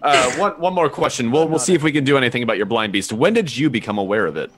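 A man's voice: medium pitch, animated, fast, fairly bright tone. Stammering questioning male player. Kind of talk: tabletop role-play over a video call.

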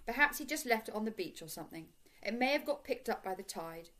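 A woman reading aloud, voicing a calm, firm father of the family in a storybook. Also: a little high, fast talker. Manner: firm, reassuring.

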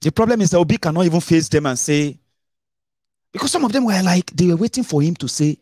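A middle-aged Nigerian man hosting a casual political commentary show, animated and mixing Pidgin into his English, with dramatic swings in pitch. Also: quick pace, no room sound, clean studio sound. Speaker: host.

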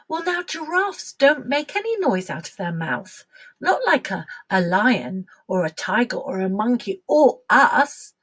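A woman leading a preschool music lesson, singing and talking in an animated, sing-song way that drops to whispers and gasps. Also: sits high. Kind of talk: sung and spoken children's music lesson.

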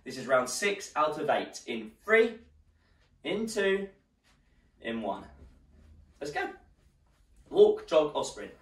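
A man's voice: fairly high pitch, sing-song, slow pace, long pauses, fairly bright tone. A male fitness instructor leading a live workout class, slightly out of breath as he exercises and counts down the rounds. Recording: roomy echo, distant mic.

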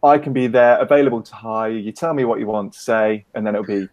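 A man's voice: on the low side, fairly even intonation, quick pace, darkish tone. A middle-aged man from Britain, a guest on a casual call-in interview, chatty and jokey with easy laughs. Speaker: interview guest, business owner.

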